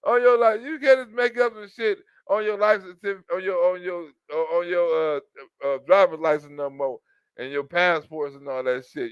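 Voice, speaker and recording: High smooth-voiced guy going off on a rambling cussing rant, laughs a lot, dull dry lo-fi sound. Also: fairly bright tone, dry recording. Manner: laughs often, rambling, repeats "you know what I'm saying". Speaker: commentary vlogger. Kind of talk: casual profane rant.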